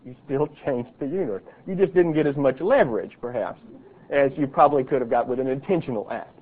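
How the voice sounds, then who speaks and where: A middle-aged man teaching a Bible class, earnest, reading lists slowly and deliberately. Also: medium pitch. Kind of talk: classroom lecture. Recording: tinny lo-fi, phone-like sound.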